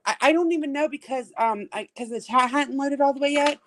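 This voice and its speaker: A woman's voice: sits high, brisk, a little hiss or hum, poor audio. A streamer woman in a blunt, profane casual chat.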